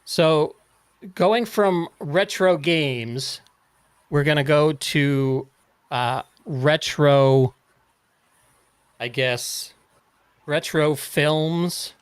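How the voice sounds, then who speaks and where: Slow, dry-joking male podcast host. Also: fairly high pitch, clean tone, no room sound. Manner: dry joking, halting restarts. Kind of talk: casual chat.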